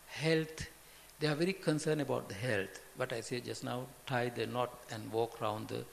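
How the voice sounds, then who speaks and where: A man giving an informal Buddhist talk, halting and repetitive, often asking his listeners questions. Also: medium pitch, vocal fry. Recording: long hall reverb, faint background noise.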